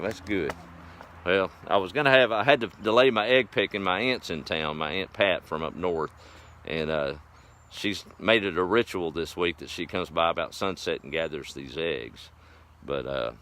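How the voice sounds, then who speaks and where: A man's voice: deep voice, fairly bright tone, slight background noise. An older man, chatting casually and folksily on a live stream, greeting viewers by name. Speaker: host of a live farm stream.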